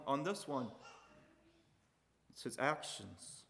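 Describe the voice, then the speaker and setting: A man preaching a sermon, building to loud emphatic peaks and dropping low and quiet between points. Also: measured pace, long pauses. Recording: hall reverb.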